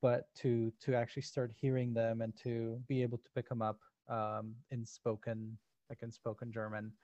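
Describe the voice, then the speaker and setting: A man's voice: medium pitch, completely flat delivery, moderate pace, dark tone, dry recording, lo-fi sound. A man co-hosting a podcast in casual chat, rambling with lots of fillers and restarts. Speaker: podcast co-host.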